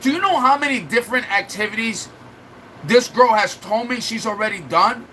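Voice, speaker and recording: A man's voice: very high voice, expressive, normal speed, sharp tone, a little hiss or hum, poor audio. A man livestreaming in a casual chat, venting at length to his viewers in a rambling, upset way. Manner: rambling, restarts and fillers.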